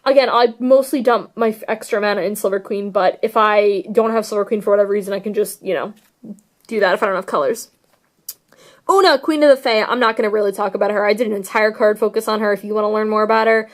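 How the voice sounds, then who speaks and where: A woman's voice: mid-range voice, steady tone, quick pace. A young woman casually chatting about her card deck, gushing and rambling with lots of fillers. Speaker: card game vlogger. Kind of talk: casual deck tech chat.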